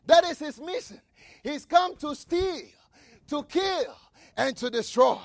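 A man preaching a fervent sermon, repeating phrases, shouting key lines and reading scripture aloud. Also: very high-pitched, lively intonation, slow, vocal fry, dry recording. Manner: reads scripture aloud and comments with asides.

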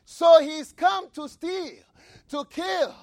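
A man preaching a fervent sermon, repeating phrases, shouting key lines and reading scripture aloud. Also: very high voice, fairly even intonation, takes it slowly, no room sound. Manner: reads scripture aloud and comments with asides.

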